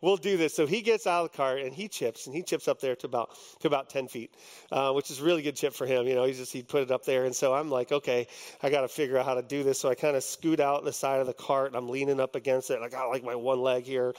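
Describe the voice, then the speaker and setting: Speaking quickly with fairly even intonation, the male pastor has a darkish, mid-range voice. He stands on stage in front of his congregation, recounting a personal story in a loose, conversational way full of ums and restarts.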